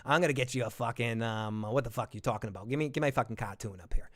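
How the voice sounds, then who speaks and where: Man doing a brash cursing dragon dude with a Boston accent, a bit low and soft-spoken. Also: fast talker, natural voice. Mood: swaggering. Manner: profane, swaggering, rambling. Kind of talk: mock impression in a live stream.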